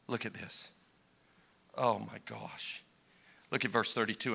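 A man preaching a sermon to his congregation, swinging between hushed, slow lines and impassioned cries. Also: medium pitch, expressive, vocal fry.

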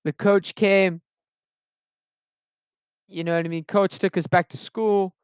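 A man's voice: high-pitched, flat delivery, slow pace, clear, resonant tone, dry recording. A young man in his late teens telling a personal story casually, rambling with lots of restarts and fillers, on a dull lo-fi recording.

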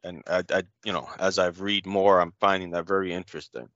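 A man's voice: deep voice, fairly even intonation, brisk, a bit bright, no room sound, highs cut off. A man in a casual conversation, musing in a rambling, reflective way and often saying "you know".

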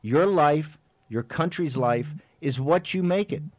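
A man's voice: fairly high pitch, a little slow, no room sound. A man hosting a political talk show, delivering an impassioned, rambling monologue full of emphatic repetition. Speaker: host.

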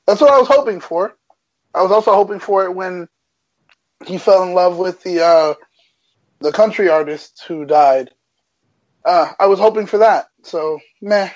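A man's voice: sits high, normal speed, long pauses. A man who is a podcast guest, chatting casually and chiming in to agree. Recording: dull muffled lo-fi sound.

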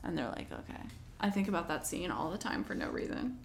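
A woman's voice: on the low side, expressive, fairly quick, gravelly, echoey room, a little hiss or hum. A woman comedian with an American accent co-hosting a podcast, chatty and telling stories full of quoted voices. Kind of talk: casual chat.

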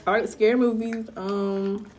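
An eighteen-year-old woman chats as a guest, soft-spoken and hesitant, filling pauses with ums. Her pitch is average for a woman, with a faint noise under the recording. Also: flat delivery. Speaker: guest friend. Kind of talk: casual chat.

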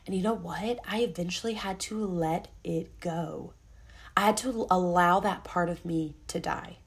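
A woman's voice: lowish voice, moderate pace. A young adult woman hosting a solo podcast, talking candidly in a rambling, self-interrupting way. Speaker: podcast host. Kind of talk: casual solo podcast monologue.

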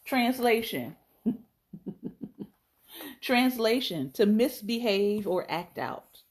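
A woman's voice: mid-range voice, a little mellow. A woman podcast host reading entries from a phrase book aloud on a live stream, laughing and adding chatty asides to her viewers.

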